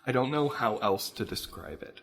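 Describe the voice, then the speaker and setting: A man co-hosting a casual podcast chat, telling stories with animated laughter. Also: medium pitch, normal speed, vocal fry. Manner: animated storyteller, laughs while telling anecdotes. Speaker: podcast co-host.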